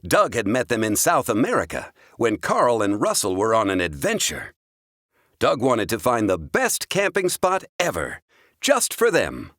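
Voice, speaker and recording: Male narrator for a kids' storybook, animated pitch, dry close sound. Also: measured pace, dry recording. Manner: clear, expressive storytelling. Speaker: storybook reader. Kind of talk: children's storybook read-aloud.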